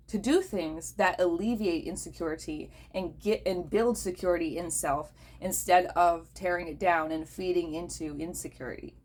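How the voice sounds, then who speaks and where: Blunt, profane woman with a lowish voice. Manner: blunt, profane, checks in with "okay?". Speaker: host. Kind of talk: casual talk.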